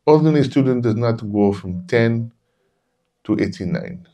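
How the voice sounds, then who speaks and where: A man's voice: medium pitch, lively intonation, normal speed, dark tone, voice pushed up, lightly acted. A man voicing a blunt older male immigrant chemistry professor who speaks in clipped, broken English. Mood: matter-of-fact.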